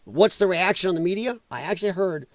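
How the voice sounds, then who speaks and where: A man's voice: high-pitched, animated, fast, no room sound. A man hosting a podcast, delivering a heated, profane political rant in an emphatic, exasperated way. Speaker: podcast host.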